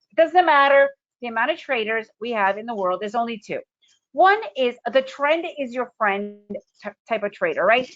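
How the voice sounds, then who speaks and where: A woman's voice: on the high side, dull audio. A woman trading educator giving a webinar lesson, emphatic and full of rhetorical questions. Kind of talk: webinar presentation.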